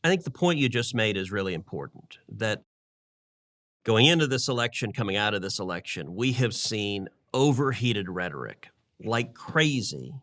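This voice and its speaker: A man's voice: fairly low pitch, lively intonation, moderate pace, a bit bright. A middle-aged man and podcast host recounting events in earnest conversational storytelling, often repeating words as he restarts.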